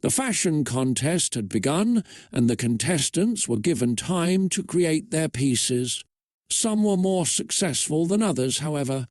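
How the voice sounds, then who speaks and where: A man reading a fan-fiction story aloud for comedy, narrating in a steady, matter-of-fact way. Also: a little high, unhurried, no echo, clean studio sound.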